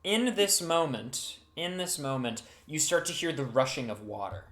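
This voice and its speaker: A man running a tabletop game as game master, telling the scene with lively restarts. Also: a little high, moderate pace, echoey room. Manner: lively storytelling with many restarts.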